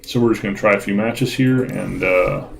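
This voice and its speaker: A man giving relaxed, casual commentary over his card game play, with frequent ums and uhs and a self-deprecating tone. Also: fairly low pitch, normal speed, vocal fry, a little hiss or hum, poor audio. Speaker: gaming video host.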